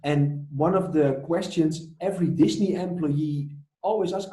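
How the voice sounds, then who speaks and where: A man with a Dutch accent, a podcast guest chatting casually, relaxed and repeating his words as he thinks. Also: on the high side, unhurried. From Netherlands. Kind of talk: casual chat. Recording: echoey room.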